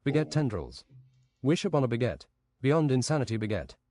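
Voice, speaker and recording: A male streamer reading out a long list of absurd phrases in a deadpan, rhythmic way, close to a desk microphone. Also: medium pitch, fairly quick, dry recording.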